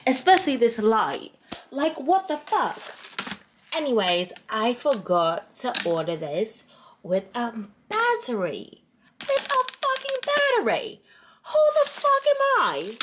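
A sweary, playfully exasperated young woman putting on a posh British accent, chatting at home for a vlog. Her pitch swoops all over, and she takes her time. Faint background noise sits under her voice. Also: reverberant. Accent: put-on British. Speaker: vlogger. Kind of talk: casual vlog monologue. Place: her apartment.

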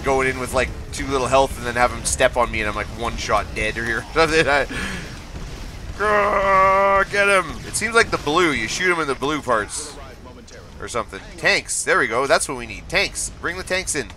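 A man streaming live gameplay, excitable, laughing often and trash-talking the enemies on screen. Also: medium pitch, a little fast, a little hiss or hum. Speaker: game streamer.

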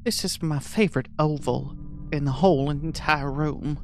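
A man voicing a quiet, lonely person who lives alone in a small home, in a video game playthrough, speaking softly in a slightly raised voice. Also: on the high side, normal speed, a little hiss or hum, natural voice. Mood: wistful.

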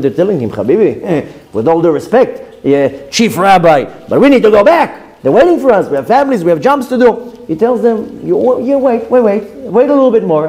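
A man's voice: a little high, dark tone. A man, a rabbi giving a sermon that tells a story and acts out the dialogue of its characters in shifting voices. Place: women's institute classroom.

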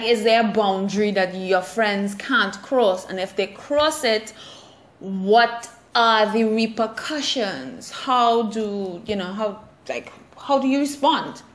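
A woman hosting a solo podcast, talking candidly and reflectively about friendship and laughing at herself. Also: on the high side. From Trinidad and Tobago. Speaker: podcast host. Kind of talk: casual solo podcast monologue.

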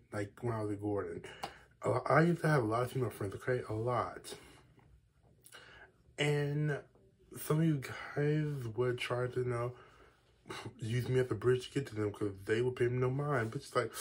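A young man spins a casual story for his viewers, his voice husky and rough-edged at an ordinary middle pitch. He rambles, doubles back on himself, and keeps throwing in asides. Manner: rambling and animated, with frequent asides and restarts. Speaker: vlogger.

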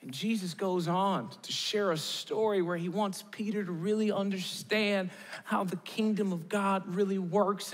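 A man's voice: sits high, a bit bright, big-room sound. A man preaching a sermon in a conversational way, with joking asides and quotes he acts out. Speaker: pastor.

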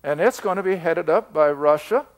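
An older man teaching a Bible study in a slow, emphatic way, drawing out his words. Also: on the high side.

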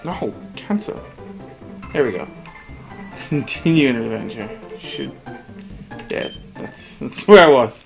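A man's voice: mid-range voice, lively intonation, takes it slowly, creaky, pauses often, soft background music. A man casually commenting on a game he plays, swearing and joking as he reads the text aloud. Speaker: gameplay commentator. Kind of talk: casual let's play commentary.

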